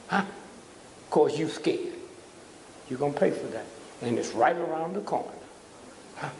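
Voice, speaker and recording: An older man delivers a fiery lecture with a deeply gravelly, fry-laden voice that sits a bit high for a man. He preaches and prods the crowd with repeated questions. The sound is roomy, with a long hall echo and faint background noise. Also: a little mellow. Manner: preachy, repeats "huh?" to provoke the audience. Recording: echoey hall from a distance.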